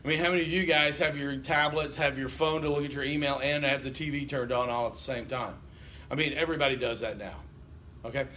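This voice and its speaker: A man's voice: a little high, fairly bright tone, slight background noise. Chatty male instructor lecturing a class. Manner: conversational, asks the class questions, frequent okay and you know. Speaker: college instructor.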